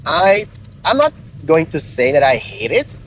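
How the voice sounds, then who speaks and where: A man's voice: on the high side, wildly swooping pitch, measured pace, slight background noise, low-quality recording. A man, an English teacher giving a frank, casual motivational talk in English to learners, swearing freely. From Brazil. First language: Portuguese. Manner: frank and blunt, swears casually, many fillers.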